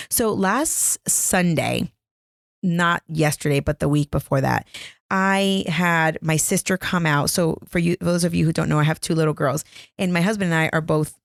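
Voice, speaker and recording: A low-pitched woman with a gravelly edge tells a story into a close, dry microphone. She is a chatty podcast host in her thirties who mocks herself and laughs often. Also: no echo. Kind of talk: casual storytelling. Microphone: close podcast mic.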